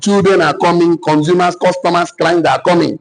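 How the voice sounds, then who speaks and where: A man with a Nigerian accent giving a joking, animated motivational talk to an online business community as coach. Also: high voice, moderate pace, creaky, poor audio. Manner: animated, joking, mixes Pidgin asides with laughter.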